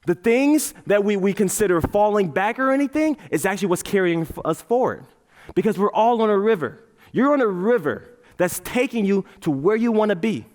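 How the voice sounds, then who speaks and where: Animated man speaking on a stage. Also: high voice, fairly quick. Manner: animated, playful, leads the crowd in chants. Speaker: motivational speaker. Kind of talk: live motivational talk on stage. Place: large auditorium stage. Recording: reverberant hall.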